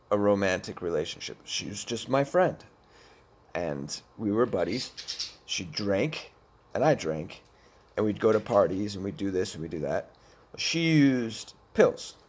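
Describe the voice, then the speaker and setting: Here a man's lowish, slightly mellow voice recounts his addiction. The personal recovery story is profane and blunt, full of false starts and restarts.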